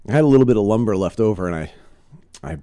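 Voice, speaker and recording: A man voicing a sheepish male churchgoer confessing in a joke, halting and full of stammers. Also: on the low side, expressive, mellow, dry recording, clean studio sound, lightly acted. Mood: pleading.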